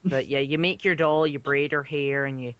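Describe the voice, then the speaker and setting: A man chatting casually about manga and anime with friends, now and then breaking into loud mock voices. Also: fairly even intonation, normal speed, dry recording, muffled recording. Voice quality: slips into loud high-pitched mock voices. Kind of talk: casual chat.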